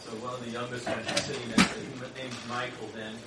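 A middle-aged man preaching a sermon, telling stories in an animated way and acting out the people in them. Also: medium pitch, fast talker. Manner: animated storytelling with laughs and acted voices. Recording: echoey room from far off, noisy.

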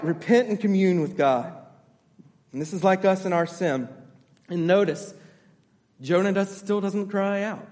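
A man's voice: high voice, darkish tone, in a large hall. A man pastor delivering a sermon, emphatic, repeating his key phrases and checking in with the congregation.

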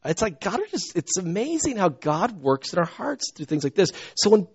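A man preaching a conversational sermon, telling stories with swings from soft asides to loud outbursts. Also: high-pitched, sing-song, normal speed, slightly rough. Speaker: pastor. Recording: dull lo-fi recording.

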